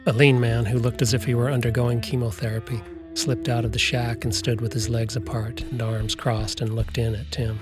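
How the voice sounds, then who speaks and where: A man narrating a story in a steady, even storytelling voice. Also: mid-range voice, normal speed, few pauses, loud music behind the voice. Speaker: audiobook narrator. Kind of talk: scripted narration.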